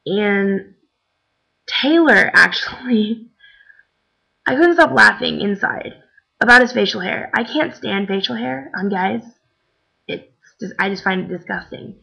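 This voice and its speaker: A woman's voice: medium pitch, lively intonation, unhurried, gravelly, pauses often, bright, forceful tone, breathy edge. A tired young woman chatting casually in a rambling way, with lots of "like" and "um". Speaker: vlogger. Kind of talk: casual chat. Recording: dull lo-fi webcam recording.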